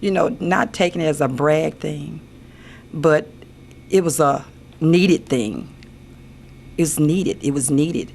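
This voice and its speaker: Over an AM radio broadcast with faint noise, an older woman who is a senior pageant queen earnestly answers interview questions, often repeating her phrases. Her low voice is gravelly and darkish, and she speaks slowly with long pauses.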